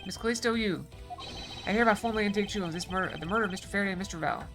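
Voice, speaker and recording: A woman's voice: medium pitch, racing, music in the background, close to an everyday voice. A woman voicing a cool, composed male prosecutor from a video game, reading his lines in a formal manner. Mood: accusing.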